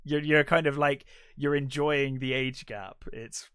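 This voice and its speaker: A man's voice: mid-range voice, fairly even intonation, unhurried, fairly bright tone, clean tone, no room sound, studio quality. A man co-hosting a podcast, chatting casually and bluntly about a film, swearing freely. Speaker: podcast co-host.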